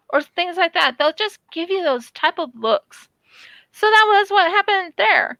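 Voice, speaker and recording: A high-pitched woman tells childhood stories at an easy, slow pace. She is animated and acts out the quotes in her stories, and her voice sounds close and dry. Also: no echo. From United States. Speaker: craft channel vlogger. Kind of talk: casual storytelling while crafting.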